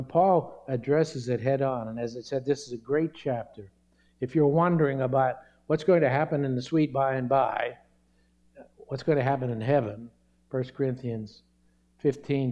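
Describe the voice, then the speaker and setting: A man's voice: medium pitch, dark tone, dull audio. A middle-aged man pastor delivering a sermon, earnest and emphatic, stressing key words.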